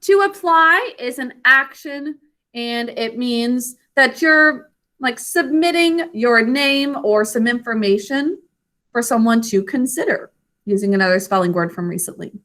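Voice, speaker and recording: Over a video call, a female teacher runs a lesson on spelling and grammar. Her high, bright voice carries lively intonation as she talks slowly and clearly, sounding out words and cheering the class on.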